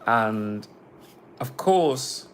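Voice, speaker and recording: A man's voice: mid-range voice, lively intonation, drawn-out words, a little hiss or hum. A man who makes his own music, chatting casually on a livestream. He rambles, swears freely and breaks off to greet viewers.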